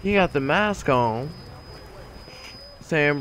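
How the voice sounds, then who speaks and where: A man tells a dramatic story in a loose, slangy way and breaks off for comic asides. His voice sits at an ordinary middle pitch. Clear background noise runs under the recording. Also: a little slow, pauses often. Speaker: gaming YouTuber. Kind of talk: casual storytelling.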